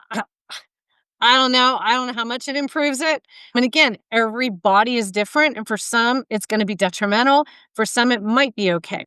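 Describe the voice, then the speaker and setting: A woman hosts her own health podcast, chatting informally and pausing for asides and quick self-corrections. Her voice sits on the high side and is smooth and clear. It is recorded dry and close, with no room sound, and she sounds a bit tired and tongue-tied. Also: fairly bright tone, dry recording. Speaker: podcast host and health coach. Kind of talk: solo podcast monologue.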